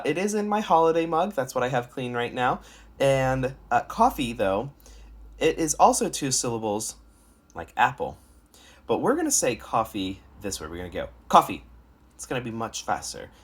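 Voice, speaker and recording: A young man giving a home music lesson in his kitchen, explaining step by step and chanting words in rhythm. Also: mid-range voice. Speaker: music teacher.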